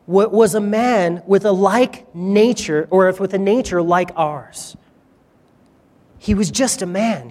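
A man with a high voice preaches to his congregation, retelling a story in an easy, conversational way with self-deprecating asides. His voice rings out into a reverberant hall. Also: darkish tone. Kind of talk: sermon.

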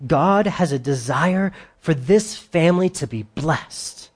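Animated preaching man, fairly high voice. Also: slow, husky. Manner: animated preaching, reads scripture aloud with dramatic voices. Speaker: pastor. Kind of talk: sermon.

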